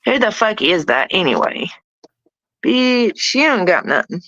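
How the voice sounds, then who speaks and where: A woman's voice: mid-range voice, big pitch swings, a little slow, fairly bright tone, no room sound, highs cut off. A woman hosting a casual livestream, taunting and cursing at people in her chat. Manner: taunting, profane, laughing at chat. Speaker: livestream host.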